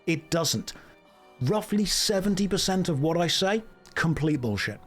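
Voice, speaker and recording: A British man streaming a game, bantering with chat in a sarcastic, deadpan way. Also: fairly high pitch, measured pace, breathy edge, soft background music. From Britain. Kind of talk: casual livestream commentary.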